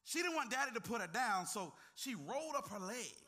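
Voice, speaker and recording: A man preaching a sermon, swinging between hushed asides and impassioned, near-shouted stretches, teasing and talking directly to the congregation. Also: extremely high pitch, big pitch swings, a little fast, noisy background. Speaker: pastor.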